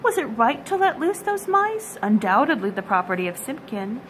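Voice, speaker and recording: A woman's voice: high voice, animated, unhurried, slight background noise, pitched above the performer's own voice. A woman voicing a poor old male tailor in a storybook reading, mumbling and lamenting anxiously.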